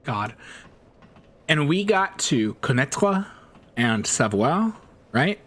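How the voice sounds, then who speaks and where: A man's voice: fairly high pitch, very animated, takes it slowly, a bit bright. A man streaming a game, telling stories in a rambling, chatty way and laughing often. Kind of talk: casual chat while gaming.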